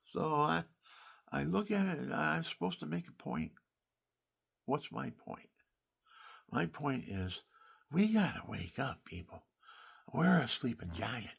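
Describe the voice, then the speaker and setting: A man's voice: a little high, animated, takes it slowly, creaky, pauses often, husky. An older man, a military veteran, telling war stories in a rambling, emphatic spoken monologue that wanders and restarts.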